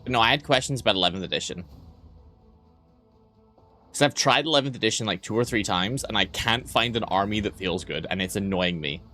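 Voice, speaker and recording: A man's voice: lowish voice, fairly quick, pushed and bright, soft background music. A young man streaming live, joking crudely and rambling as he reads and answers his chat.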